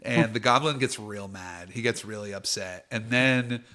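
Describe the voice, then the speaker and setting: A man's voice: fairly low pitch, normal speed, pushed and bright. A man narrating as game master of a tabletop game on a livestream, in a playful way with frequent laughter.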